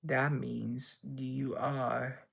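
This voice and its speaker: A man's voice: medium pitch, level tone, extremely slow, vocal fry, slightly rough. A young man hosting a livestream, reading chat messages aloud and answering them in a rambling, playful way. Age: young adult. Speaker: livestream host.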